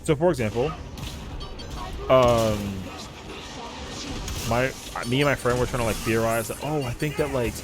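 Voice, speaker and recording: A man streams a game with music playing behind him, telling a casual story in slangy, profane language and acting out what his friends said. He's animated, with a mid-range voice, a measured pace, and long pauses.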